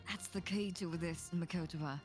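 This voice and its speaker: A woman reading the lines of a theatrical, eccentric male detective in measured, deliberate tones, voicing game dialogue aloud. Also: lowish voice, over music, lightly acted. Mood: haughty probing.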